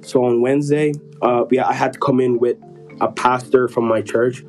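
A man in easy, casual conversation, rambling through a story with plenty of jokes and asides. His voice sits at an ordinary middle pitch, with faint music behind him. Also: steady tone, moderate pace, darkish tone, rough recording. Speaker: podcast co-host telling a story. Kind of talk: casual chat.

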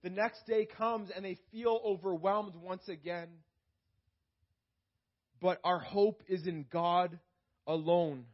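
A man with a high voice preaches in church, calling out to the congregation now and then. He slows down when he reads scripture aloud. The recording sounds dull and muffled, like a lo-fi church recording. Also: steady tone. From Canada. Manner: preaching with call-outs to the congregation. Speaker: pastor. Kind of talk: sermon.

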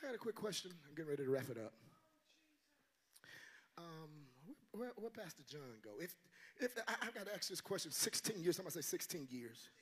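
An older man preaching a sermon as a guest pastor, shouting in call-and-response. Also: fairly high pitch, sing-song, brisk.

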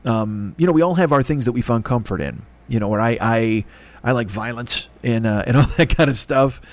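A man's voice: mid-range voice, brisk, no room sound. Profane rambling man, dry close sound. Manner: swearing, rambling, mocking voices. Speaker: podcast host. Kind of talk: profane comedic monologue.

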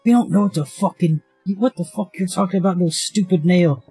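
A player doing a hot-headed, swearing fighter. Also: male voice, high voice, a little fast, dark tone, breathy edge, faint music behind, full character voice. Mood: furious. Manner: swearing, aggressive. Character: foul-mouthed, hot-headed male fighter.

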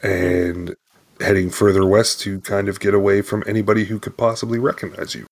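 Low-voiced man running a tabletop game. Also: little pitch movement. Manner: halting, with many fillers and restarts. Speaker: game master.

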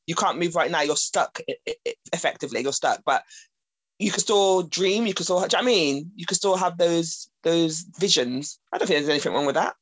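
A woman co-hosting a podcast in easygoing chat, laughing often and slowing down to make a point. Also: fairly low pitch, no echo. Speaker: podcast co-host. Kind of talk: casual chat.

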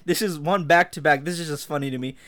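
A man's voice: fairly high pitch, fast, a bit bright. A man co-hosting a casual podcast, laughing often and mimicking people in quoted voices. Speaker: podcast co-host. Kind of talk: casual chat.

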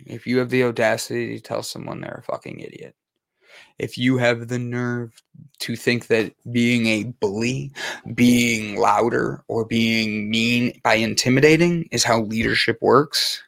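A man with a medium-pitched, creaky voice talks on his own show about mental health in a frank personal monologue. He hammers points home by repeating phrases and cursing, and the recording has no echo.

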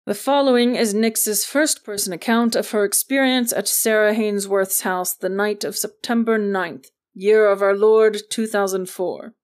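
A woman's voice: mid-range voice, steady tone, lightly acted. A woman doing a quirky male agent dictating. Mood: formal. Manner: slow, formal dictation.

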